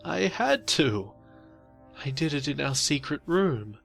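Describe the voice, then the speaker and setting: A man's voice: a little high, big pitch swings, takes it slowly, gravelly, a bit bright, soft background music, voice pushed up, heavily acted. A man voicing a frightened, slightly drunk older woman who pleads and rambles. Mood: pleading.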